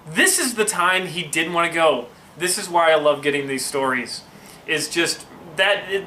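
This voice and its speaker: A man's voice: fairly high pitch, sharp tone. A young man hosting a comedy show, reading a friend's story with wry asides and rambling tangents. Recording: echoey room with faint noise.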